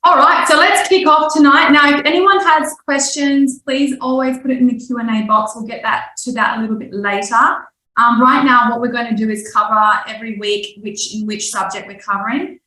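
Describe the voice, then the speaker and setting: Woman, upbeat webinar co-host, bright tense voice, roomy distant mic. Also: fairly high pitch, fairly even intonation, fairly quick. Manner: upbeat, laughing, keeps things moving. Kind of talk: webinar hosting.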